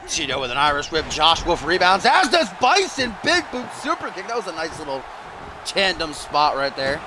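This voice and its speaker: A man's voice: a little high, huge pitch swings, moderate pace, noisy background. A man streaming live, doing playful mock-broadcast play-by-play commentary on a wrestling video game, with the odd swear.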